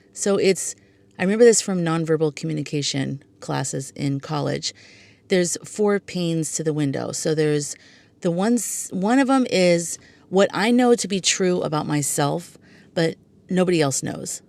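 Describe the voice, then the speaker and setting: Low, gravelly woman podcasting. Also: a little mellow, dry recording. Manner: chatty, reflective, with frequent "like" and "you know". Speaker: podcast host. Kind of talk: casual solo podcast talk.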